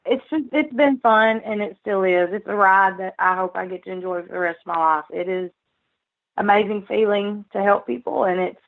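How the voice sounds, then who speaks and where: A woman's voice: mid-range voice, moderate pace, vocal fry. Cheerful woman guest on lo-fi radio. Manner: cheerful and enthusiastic. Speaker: guest medium. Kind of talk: casual chat on a radio show.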